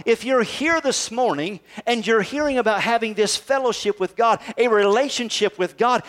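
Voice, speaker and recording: A pastor preaching a sermon in a conversational way, often checking in with the congregation with quick tag questions. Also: male voice, high-pitched, a bit bright. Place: church service.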